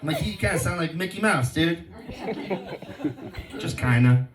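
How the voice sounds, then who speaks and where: A man's voice: a little high, animated, moderate pace. A man in his thirties performing a stand-up comedy set, with a laid-back stoner delivery and rhyming riffs. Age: 30s. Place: live comedy show venue. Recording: roomy live venue, distant mic, loud crowd laughter.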